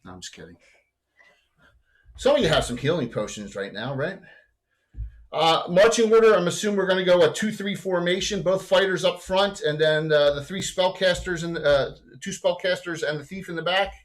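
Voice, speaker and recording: Rambling game master, fairly high voice. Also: male voice, expressive, normal speed. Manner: rambling, with many fillers and self-corrections. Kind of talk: running a live tabletop game.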